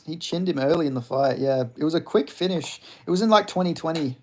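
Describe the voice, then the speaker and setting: A man's voice: fairly high pitch, quick pace, hardly any pauses, darkish tone. A young man hosting a livestream, reading chat and chatting loosely, laughing and swearing freely. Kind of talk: casual stream chat.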